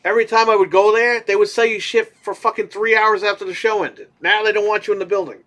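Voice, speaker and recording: A man co-hosting a casual podcast, telling a story in an animated way, swearing casually and acting out what people said. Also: high voice, quick pace. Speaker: podcast co-host.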